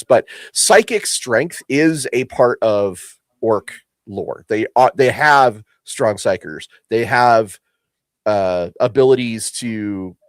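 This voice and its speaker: A man's voice: fairly low pitch, no room sound. Guy hosting a lore stream, stumbles and restarts a lot, dry close sound. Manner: halting, repeats words, reads chat aloud. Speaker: host. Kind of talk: casual livestream chat.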